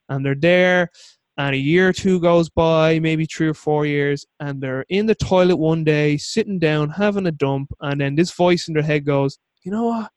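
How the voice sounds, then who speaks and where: A podcast host with a slightly high voice and no echo runs a casual interview. He talks at length, rambling and frank, and swears offhandedly.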